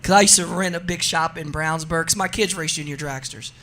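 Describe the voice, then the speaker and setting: A man in his forties from New Jersey, a radio interview guest telling funny stories in a lively, laughing way. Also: fairly high pitch, fairly quick. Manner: animated, laughing storyteller. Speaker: guest, drag racer. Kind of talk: casual radio interview storytelling.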